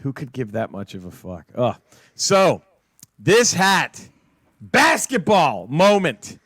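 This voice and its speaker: A man co-hosting a podcast, chatting casually about sports, swearing and breaking into loud, laughing rants. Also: mid-range voice, sing-song, slow, no echo, clean studio sound. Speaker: podcast co-host.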